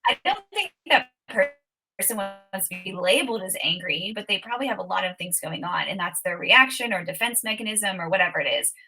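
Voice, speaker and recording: A woman's voice: medium pitch, expressive, fairly quick, pushed and bright, husky, low-quality recording. A woman author and coach, a podcast guest, earnestly walking through a step-by-step process and speaking prayers aloud. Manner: Christian faith talk. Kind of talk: casual interview talk.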